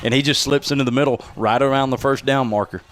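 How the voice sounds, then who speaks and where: A man giving relaxed color commentary on a high school football game, explaining what the team did on each play. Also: fast talker. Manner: explanatory, breaks down plays in a relaxed chatty way.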